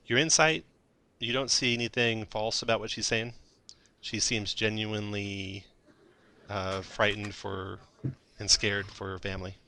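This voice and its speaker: A man with a lowish, bright voice runs a tabletop game, narrating scenes and rules at an easy pace. He pauses for fillers now and then while explaining. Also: steady tone. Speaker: dungeon master.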